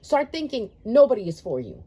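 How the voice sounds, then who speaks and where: Woman, tarot reader, blunt and cursing, lively swooping pitch, husky mellow tone. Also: brisk. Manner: blunt, profane, passionate. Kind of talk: casual horoscope monologue.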